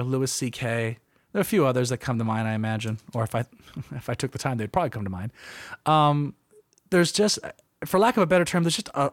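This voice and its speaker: A man's voice: fairly high pitch, fairly bright tone, dry recording, clean studio sound. Rambling self-deprecating young man. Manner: rambling, self-deprecating, acts out quotes in a raised voice. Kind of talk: casual personal storytelling.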